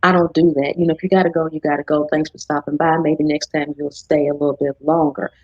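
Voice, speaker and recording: A woman with a husky, low-set voice chats easily as host of a live stream. Her delivery is relaxed, with lively bursts when she quotes others. The audio is dull and lo-fi, close and dry. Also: fast talker, no echo. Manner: chatty, animated when quoting others. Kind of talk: casual chat.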